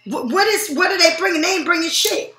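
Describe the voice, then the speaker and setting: A woman's voice: extremely high pitch, expressive, a little fast, sharp tone, roomy sound. Blunt, swearing woman giving a tarot reading. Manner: blunt, profane, emphatic. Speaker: tarot reader.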